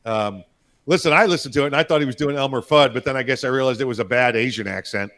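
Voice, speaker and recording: A man's voice: mid-range voice, quick pace, fairly bright tone. A man co-hosting a political talk show, speaking emphatically in a rambling way with frequent restarts and repeated words. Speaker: co-host.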